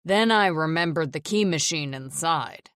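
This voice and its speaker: A woman reading an audiobook, voicing a drunk, suspicious husband who talks slowly and snarls. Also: low voice, lively intonation, a bit bright, smooth, dry recording, studio quality. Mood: angry. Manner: slow, snarling.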